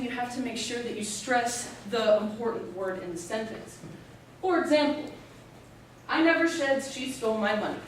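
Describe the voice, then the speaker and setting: A woman's voice: a little high, distant mic, a little hiss or hum. Young woman in an echoey room. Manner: explanatory, steady, with occasional filler pauses. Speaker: student presenter. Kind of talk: informative speech.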